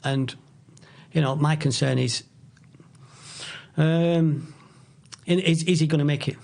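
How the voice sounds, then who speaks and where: A middle-aged man with a gravelly edge and a voice set a little high. He speaks as a guest in a relaxed podcast chat, giving firm opinions while stumbling over restarts. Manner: halting, many restarts, opinionated. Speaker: guest, football author.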